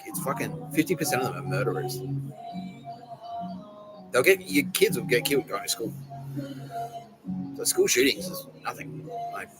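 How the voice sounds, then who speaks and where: A man's voice: medium pitch, low-quality recording. A man hosting a podcast, rambling and swearing as he talks to unseen listeners. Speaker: podcast host. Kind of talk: casual monologue.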